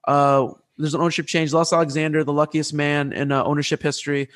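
A male podcast host telling sports stories in an animated, excitable way, often restarting his sentences. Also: fairly high pitch, fast talker. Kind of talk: casual sports chat and storytelling.

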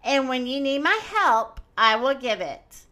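A woman's voice: high-pitched, expressive, measured pace, heavily acted. A woman reading a storybook aloud, voicing a growling mother crocodile. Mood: bargaining. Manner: growled, bright delivery.

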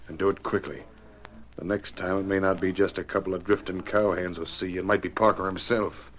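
A man playing a cold, low-voiced outlaw boss. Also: flat delivery, a little fast, close to an everyday voice. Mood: coldly commanding. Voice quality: low, clipped, contemptuous. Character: cold, scheming male outlaw boss, middle-aged. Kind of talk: 1940s radio acting.

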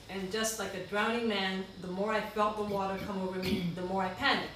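A woman's voice: mid-range voice, flat delivery, a little fast, hardly any pauses, a bit bright. A woman guest reading her own reflective writing aloud, earnest and heartfelt, with asides between passages. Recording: very echoey room, far from the mic, faint noise.

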